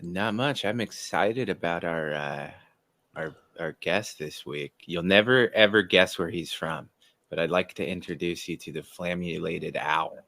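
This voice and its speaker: Very deep-voiced laid-back podcast host. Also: male voice, measured pace, pushed and bright, no room sound. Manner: laid-back, giggly, swears casually. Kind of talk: casual chat.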